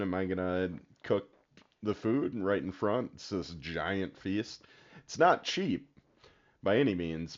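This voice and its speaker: Relaxed male podcast guest, very low voice, muffled lo-fi line. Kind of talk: casual podcast chat.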